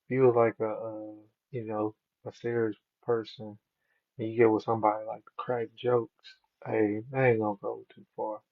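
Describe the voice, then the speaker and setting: A man's voice: fairly low pitch, flat delivery, normal speed, gravelly. A man hosting the show who breaks into the story to give laid-back advice. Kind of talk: casual commentary. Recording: tinny phone-like sound.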